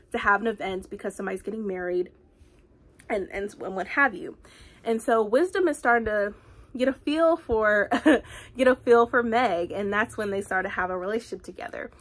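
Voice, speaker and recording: A woman reviewing a book in a casual vlog, talking in a chatty, rambling way full of fillers, with animated asides. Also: mid-range voice. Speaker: book vlogger.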